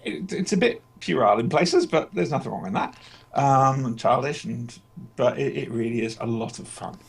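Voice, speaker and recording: A man hosting casually, hesitant with many ums, warmly recommending something. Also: mid-range voice, expressive, moderate pace, gravelly. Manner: hesitant, lots of ums, enthusiastic. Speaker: host. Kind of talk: casual chat.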